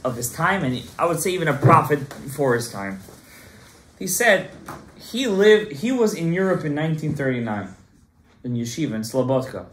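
Man, animated Torah class, lively pitch swings, roomy echo, loud-soft emphasis. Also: slight background noise. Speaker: rabbi giving a Torah class. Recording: echoey room.

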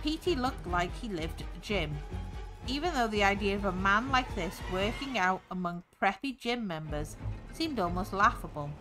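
A woman streamer reading a horror story aloud in an expressive storytelling manner. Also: medium pitch, normal speed, over music, rough recording.

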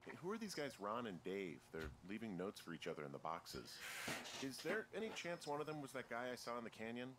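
A man's voice: mid-range voice, sing-song, a little fast, background noise. An actor playing a curious male fire lookout who talks plainly and asks questions over a walkie-talkie.

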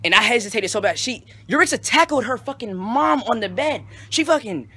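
A young man telling a story in a casual, animated and profane way, full of slang. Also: very high voice, fairly quick, slightly rough. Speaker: storytelling vlogger.

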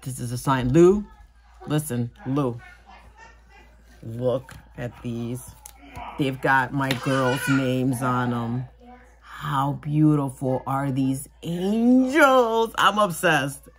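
Chatting casually while unboxing gifts, a woman vlogger gushes, gasping and squealing with delight. Her voice is extremely low in pitch, extremely slow, and slightly rough.

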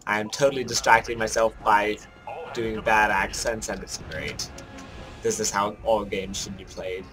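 A man giving casual let's-play commentary, joking at his own mistakes and thinking out loud as he plays. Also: lowish voice, little pitch movement, unhurried, soft background music. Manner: jokey, self-mocking, thinks aloud while playing. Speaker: gameplay commentator.

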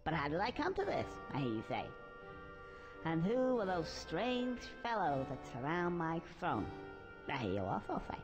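A man's voice: a little high, wildly swooping pitch, normal speed, highs cut off. An actor playing a cheeky young male squirrel who rambles through a story and mumbles groggily after drinking, in a video game. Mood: storytelling. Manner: chatty storyteller, slurring and groggy when drunk. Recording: game audio with music behind.

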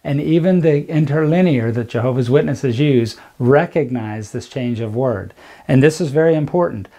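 A man hosting a commentary, speaking deliberately and stressing key words as he reads and explains scripture. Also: mid-range voice, dark tone. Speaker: channel host. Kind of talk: commentary with bible reading.

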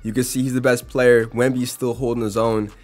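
A man's voice: mid-range voice, level tone, fairly quick, a little mellow, soft background music. Casual young man commenting on a game. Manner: chatty, reacting to results. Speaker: gaming YouTuber.

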